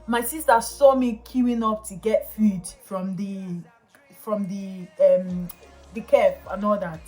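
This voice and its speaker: A woman's voice: mid-range voice, steady tone, slow, dark tone, faint music behind. A young woman from Nigeria with a Nigerian accent, ranting emphatically to camera in a casual vlog and slipping into Pidgin. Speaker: vlogger.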